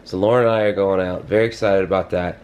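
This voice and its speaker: A young dad vlogs casually about his day, joking, poking fun at himself, and playing with his toddler. His low, steady voice moves fast, and there's noise in the background.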